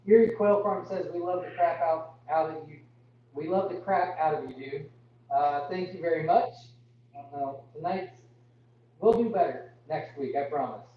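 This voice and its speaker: A young man reads viewer comments and answers them on a live farm stream, sorry for the bad sound and straining to be heard. The recording is distant and very echoey. It is muffled, with a faint hum underneath. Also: on the high side. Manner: apologetic, self-deprecating, reads comments aloud and answers. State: straining his voice to talk loudly. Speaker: farm livestream host. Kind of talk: live Q&A reading chat comments. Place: indoors on a farm.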